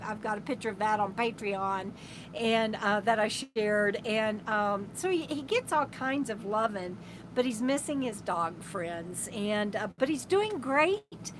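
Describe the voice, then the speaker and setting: A high-pitched woman with a drawl chats on a live stream from her RV. She reads viewer comments aloud and rambles affectionately, often restarting her sentences. A faint hum of ambient noise sits behind her voice. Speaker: RV travel vlogger, host of a live stream. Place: inside her RV.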